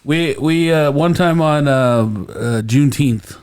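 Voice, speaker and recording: A man's voice: a little high, takes it slowly, smooth, no room sound. A man hosting a comedy podcast, telling rambling stories and laughing often. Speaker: podcast host. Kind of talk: casual comedic chat.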